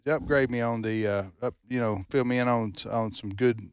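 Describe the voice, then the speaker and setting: A man's voice: mid-range voice, fairly even intonation, normal speed, smooth, dry recording. A man from the American South hosting a radio talk show, joking with his co-hosts in casual studio banter.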